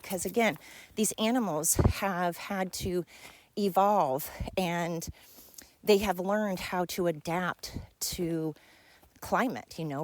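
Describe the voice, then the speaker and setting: A young woman, hosting her podcast in a chatty, excitable ramble while out of breath from walking uphill outdoors. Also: on the low side, no room sound. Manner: chatty, excitable, says frickin' a lot. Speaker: podcast host. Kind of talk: casual rambling monologue.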